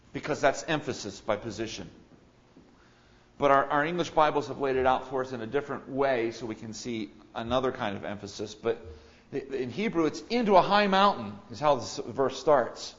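A man preaching a sermon in a mid-pitched voice, explaining a text and then building to bold proclamation. He drops to soft, musing tones, then rises to loud, ringing emphasis. The recording is slightly dull and lo-fi. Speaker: pastor. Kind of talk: expository sermon.

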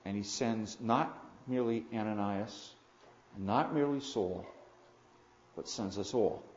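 Pastor guy preaching a sermon, gets loud out of nowhere then drags words out slow, roomy muffled church sound. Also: on the low side. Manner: preaches with sudden loud emphatic swells and slow drawn-out stresses.

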